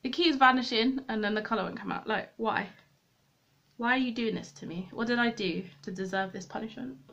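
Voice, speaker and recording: A woman's voice: a little high, brisk, fairly bright tone, highs cut off. A young woman chatting to viewers while she does her makeup at a desk at home, rambling and poking fun at herself. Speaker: beauty vlogger. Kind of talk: chatty get-ready-with-me vlog. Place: room at home, at a desk with a mirror.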